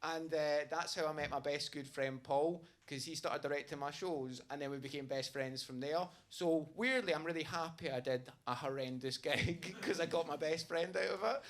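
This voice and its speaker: A man's voice: on the high side, normal speed, hardly any pauses, a bit bright. Chatty man doing stand-up on stage. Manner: chatty, storytelling, frequent "right?" asides. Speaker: stand-up comedian. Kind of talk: stand-up comedy set. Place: comedy stage in front of an audience. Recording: live comedy club with audience laughter.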